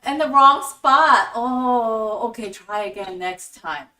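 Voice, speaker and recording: A woman voicing a tender, loving God who gently comforts and encourages a small child. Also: on the high side, slow. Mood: cooing, gentle. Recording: echoey room, voice from a distance.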